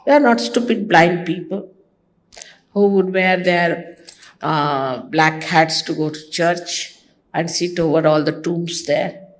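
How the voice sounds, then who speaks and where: In this archival talk recording, an older Indian woman who is a spiritual teacher gives a conversational devotional talk to her followers, teasing and mimicking others. Her voice is fairly low and she speaks slowly.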